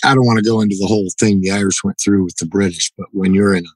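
Husky low-voiced man telling stories. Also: steady tone, no room sound, poor audio. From United States. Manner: reflective, halting storyteller. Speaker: podcast guest, jiu-jitsu black belt. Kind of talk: casual interview, storytelling.

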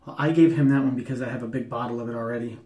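A man's voice: medium pitch, steady tone, racing, mellow, breathy edge, dull audio. A man with an Ohio accent, chatty and self-deprecating, doing a casual shaving review on his porch. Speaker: wet shaving YouTuber. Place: porch at home.

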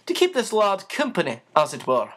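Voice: mid-range voice, huge pitch swings, moderate pace, fairly bright tone, pitched above the performer's own voice. A reader voicing a small, good-humoured old sailor man who talks in a hearty, genial way.

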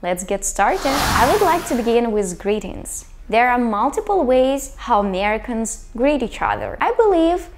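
A young woman whose first language is Ukrainian or Russian, explaining English in a clear video lesson. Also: fairly high pitch, sing-song, normal speed, few pauses. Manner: clear, explanatory, with stressed example phrases. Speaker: English teacher.

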